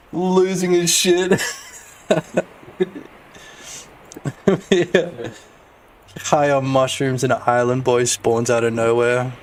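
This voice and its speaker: A man streaming his game development, chatting casually, excitable, laughing and swearing a lot. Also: mid-range voice, slight background noise. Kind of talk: casual live-stream chat.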